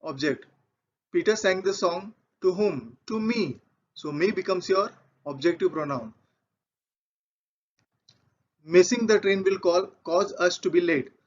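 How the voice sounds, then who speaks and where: A man teaching grammar in a patient, methodical way, working through example sentences one by one and often repeating his point. His voice sits fairly high. The recording sounds muffled and lo-fi. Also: normal speed. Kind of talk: explaining grammar over slides. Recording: dull lo-fi recording.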